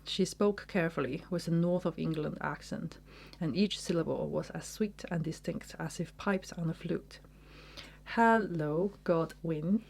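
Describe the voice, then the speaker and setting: A woman giving literary commentary and reading book passages aloud in a measured, thoughtful way. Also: low-pitched, creaky, darkish tone, slight background noise. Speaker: book reviewer.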